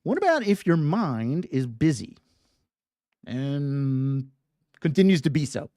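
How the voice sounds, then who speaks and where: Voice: takes it slowly, dry recording, studio quality. A meditation teacher talking casually to a live class, often asking "right?" in a playful way. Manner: conversational, keeps asking "right?"; lively rising and falling pitch, playful.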